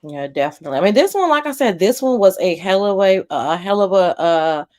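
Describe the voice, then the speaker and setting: A woman's voice: mid-range voice, lively intonation, fairly quick, a little mellow. A woman hosting a livestream, talking casually and bluntly, pressing her questions and swearing freely. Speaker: livestream host.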